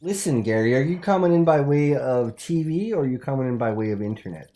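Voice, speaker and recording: Rambling male talk show host, big pitch swings. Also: fast. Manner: rambling, swings from loud to muttered asides; deadpan absurd bluster. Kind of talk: comedic call-in talk show.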